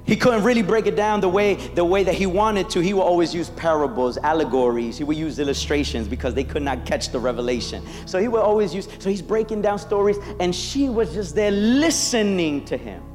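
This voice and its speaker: High-voiced animated preacher man. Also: brisk, few pauses, in a large hall, faint music behind. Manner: animated, playful, acts out biblical voices. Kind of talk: sermon.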